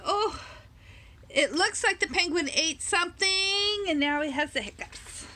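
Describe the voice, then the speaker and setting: A woman reading a picture book to young children, talking slowly and directly to them, recorded on a phone camera. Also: very high voice, animated, bright, forceful tone, slight background noise. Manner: slow, sing-song, speaks directly to young children. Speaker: children's storyteller.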